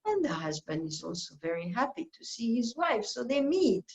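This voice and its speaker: A woman's voice: a little high, very animated, a little mellow. A woman giving a reflective scripture class as a sermon, speaking earnestly and acting out little quoted exchanges to make her point. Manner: slow, earnest teaching with playful acted-out quotes. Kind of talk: sermon-style reflective reading. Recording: roomy, dull lo-fi recording.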